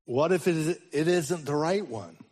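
A man preaching a sermon as the pastor, his voice swinging between sudden loud rises and slow, hushed drops. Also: a little high, lively intonation, breathy edge.

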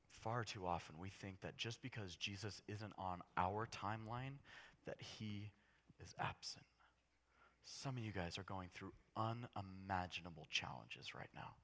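A male pastor delivering a sermon with real fire. His voice is bright and forward, and it swings from near-whispered storytelling to loud, ringing emphasis. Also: deep voice, unhurried. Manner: impassioned, swinging from hushed to loud.

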